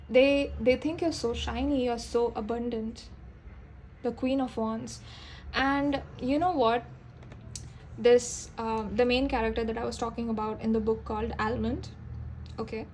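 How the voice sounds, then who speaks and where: A young woman doing a casual tarot reading, rambling and halting, often restarting her sentences. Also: a little high, little pitch movement, darkish tone, slight background noise. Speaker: tarot reader.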